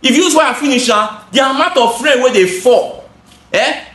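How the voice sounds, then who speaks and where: A man's voice: extremely high pitch, moderate pace, a bit bright, echoey room. A man with a Nigerian accent, a gutter installer and seller, casually explaining his products to the camera in an emphatic, repetitive way. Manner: emphatic, repeats phrases, switches into pidgin.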